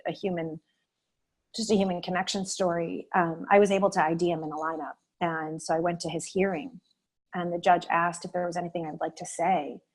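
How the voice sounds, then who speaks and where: A woman talking as a guest in an interview, telling a personal story in a lively way with many fillers and restarts. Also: on the low side, poor audio.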